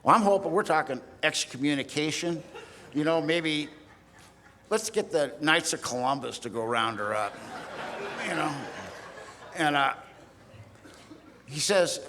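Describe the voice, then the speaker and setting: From a podium in a large hall, a man in his sixties from Southern California recounts his recovery at a meeting with blunt, streetwise self-mockery. His bright, forceful voice is on the high side, at a measured pace with long pauses. The archival recording has a long hall reverb.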